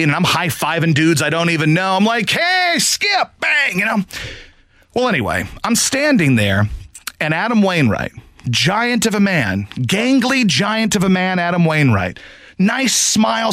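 A man in his thirties hosting sports talk radio, telling a long story in an animated way with shouted asides. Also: on the high side, no room sound. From St. Louis area.

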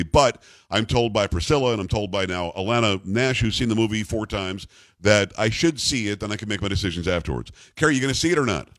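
A man's voice: fairly low pitch, no echo, studio quality. A middle-aged man hosting a radio talk show, rambling and teasing his co-hosts. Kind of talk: casual talk radio banter. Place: radio studio.

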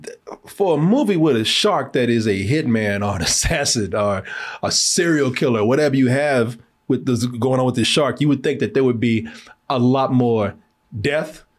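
A man hosting a podcast, reviewing a movie in slangy, animated, laughing casual chat. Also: mid-range voice, normal speed.

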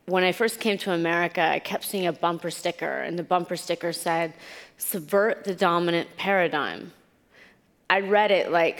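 A woman from Italy with a lowish voice talks candidly on stage. She drops self-mocking asides into her stories. Her voice carries a long hall reverb from the live event. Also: moderate pace, vocal fry. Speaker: interview guest, author. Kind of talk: on-stage conversation.

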